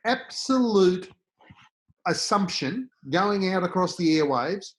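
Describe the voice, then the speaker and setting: A middle-aged Australian man, a podcast guest, telling personal stories in an animated way and acting out the voices he quotes. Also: high voice, takes it slowly, poor audio. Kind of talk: storytelling interview.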